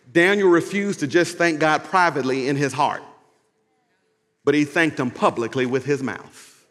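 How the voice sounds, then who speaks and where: A male pastor delivering a sermon, shifting from animated storytelling to a hushed, earnest prayer. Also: on the high side, normal speed, some chatter behind, a little hiss or hum. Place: church sanctuary. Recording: long hall reverb with music behind.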